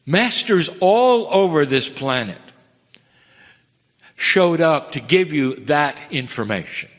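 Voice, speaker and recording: A man giving a channeled spiritual message to an audience, speaking gently and measured, with emphatic pauses and calling listeners dear ones. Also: a little high, expressive. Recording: long hall reverb.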